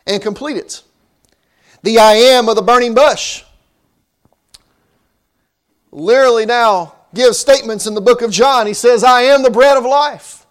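A man preaching a sermon as pastor, with emphatic rising and falling delivery. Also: high-pitched.

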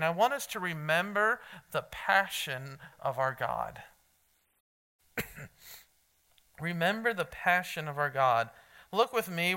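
A man's voice: on the high side, pushed and bright, smooth. A male pastor preaching a sermon, earnestly repeating key points and talking directly to the people in front of him. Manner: earnest preaching with emphatic repetition; talks directly to listeners in the room.

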